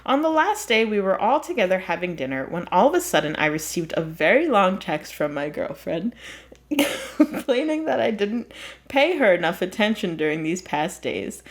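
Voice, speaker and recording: A woman's voice: mid-range voice, big pitch swings, normal speed. A woman hosting an advice podcast who reads a story aloud in a casual, chatty way and often breaks into laughter. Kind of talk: casual chat.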